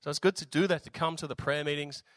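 Man, Australian accent, slightly raspy, somewhat high voice, casual joking sermon, dry close sound. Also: steady tone, quick pace, fairly bright tone, dry recording. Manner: informal, jokey preaching with many fillers. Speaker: visiting preacher.

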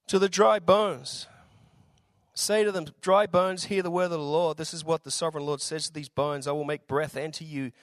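A slightly raspy man with an Australian accent preaches a sermon, his voice sitting a little high for a man. He keeps it informal and jokey, with plenty of ums and uhs. The sound is close and dry, with no room echo. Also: a bit bright. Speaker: visiting preacher.

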